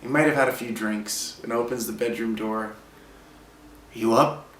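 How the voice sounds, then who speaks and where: Slightly fast, medium-pitched and fairly bright with fairly even intonation, a Brooklyn musician in his thirties reflects on his personal stories as a guest. He speaks casually and from the heart with lots of "like," captured at a distance in a roomy space with slight background noise.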